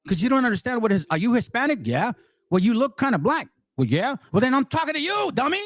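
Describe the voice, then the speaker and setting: A man from Peru giving casual reaction commentary, animated and talking straight to his viewers. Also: very high-pitched, fast talker, no echo, clean studio sound. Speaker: channel host.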